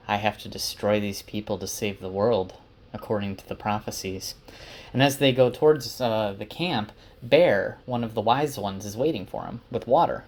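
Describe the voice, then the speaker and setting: A man casually retelling a book's chapters for his wife, chatty and loose with many fillers. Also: lowish voice. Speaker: book summarizer. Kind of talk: casual story recap.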